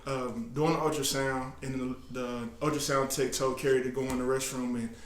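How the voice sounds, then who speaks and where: A man telling a story in casual chat, speaking haltingly with fillers and restarts. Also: medium pitch, level tone. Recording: echoey room.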